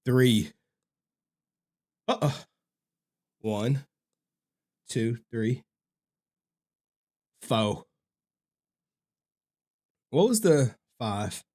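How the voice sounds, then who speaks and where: Animated, slangy man hosting a livestream. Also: mid-range voice. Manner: animated, excitable, slangy, quick to shout and laugh. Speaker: livestream host. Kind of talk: livestream commentary reading super chats.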